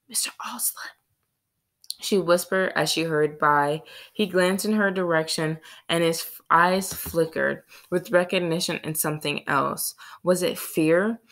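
A woman narrating a children's novel in a steady storytelling read. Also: fairly low pitch, unhurried. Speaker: audiobook reader. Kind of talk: scripted narration.

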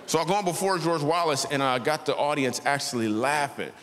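A man in his thirties, on the high side and fairly quick with a fairly bright tone, does church stand-up, voicing the characters in his story. The large auditorium is reverberant, and a faint ambience remains.

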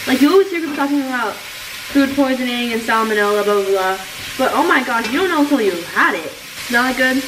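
A young woman chats through a dramatic storytime while she cooks at home, with a slightly high voice. She is a little away from the mic. Her talk rings in an echoey kitchen. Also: animated, a little fast, far from the mic, noisy background. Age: young adult. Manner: chatty, dramatic storytelling with filler words. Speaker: vlogger. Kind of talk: casual storytime chat.

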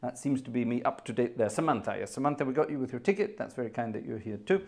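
Greeting viewers during his live music stream, this host and organist keeps things jokey and conversational. He talks fast and expressively in a mid-range voice with a somewhat dark tone.

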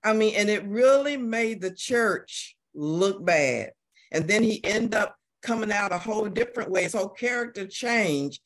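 A woman teaching an adult Sunday school class, telling a story in a lively way with many repeated words. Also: medium pitch, normal speed.

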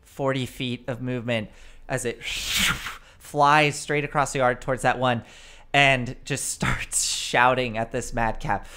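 A woman's voice: rumbling low, steady tone, slow pace, a bit bright. A woman narrating as the game master of a tabletop role-play stream, giggly and rambling with fillers, on a desk mic.

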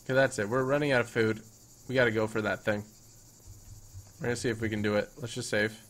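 A young man doing playful, hammy let's-play commentary, now and then bursting into loud excited shouts and talking to the game's creatures in a mock-grand voice. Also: on the low side, fast talker. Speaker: gaming YouTuber.

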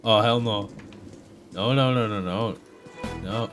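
A gameplay host giving casual commentary, excitable, laughing often, swearing and yelping when startled. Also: mid-range voice, slow, long pauses. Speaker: gaming video host. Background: background music.

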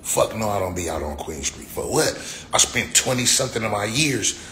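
A man's voice: lowish voice, expressive, normal speed, pushed and bright. A man in his forties ranting profanely on a livestream, talking back to comments from his chat. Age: 40s. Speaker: livestream host. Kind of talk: casual livestream rant. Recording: echoey room with faint ambient noise.

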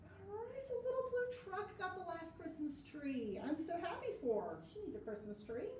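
Animated woman reading to children. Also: very high-pitched, normal speed, distant mic, slight background noise. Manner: animated, sing-song read-aloud with sound effects. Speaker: children's librarian. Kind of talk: reading a picture book aloud to kids. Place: library story room. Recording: echoey room, voice from off-mic.

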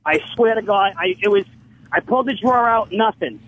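High-voiced rambling male caller. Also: animated, fairly quick, a bit bright, dull audio, slight background noise. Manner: rambling, eager storyteller. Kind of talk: casual call-in chat.

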